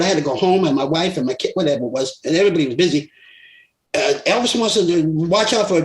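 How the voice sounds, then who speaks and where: A man's voice: high-pitched, quick pace, vocal fry. An older man spins stories from a long career, laughing often and acting out the voices of the people in them. His voice carries a roomy echo from the space around him. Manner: animated storyteller, laughs often, acts out voices. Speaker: guest singer. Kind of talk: storytelling interview.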